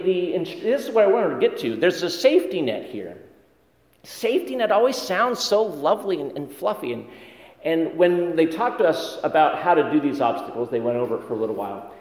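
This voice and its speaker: A man's voice: fairly high pitch, darkish tone. A man preaching a sermon, telling stories in a conversational way with self-deprecating humor. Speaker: pastor. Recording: echoey hall with long reverb.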